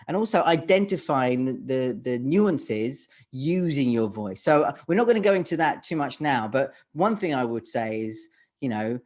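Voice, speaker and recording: A man coaching on presenting voice, speaking in an online workshop with frequent restarts and questions to the audience, over a webcam mic on a video call. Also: medium pitch. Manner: halting, restarts words, pauses to ask the audience. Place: home office on a video call. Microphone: webcam or desk mic on a video call.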